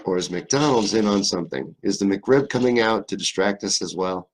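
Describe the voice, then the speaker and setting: A young man with a very low, deep voice and a faint Southern drawl, from Kentucky, hosting a live stream. He reads viewer comments and riffs on them in a loose, rambling way, cracking jokes and swearing freely. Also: moderate pace. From Kentucky, USA. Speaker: livestream host. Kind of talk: casual live-stream chat reading comments.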